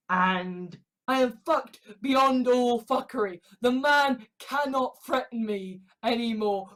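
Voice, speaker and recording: A young amateur sermon vlogger with a high-pitched, fairly bright voice rambles through monologue clips, swearing heavily and restarting often. The audio quality is poor.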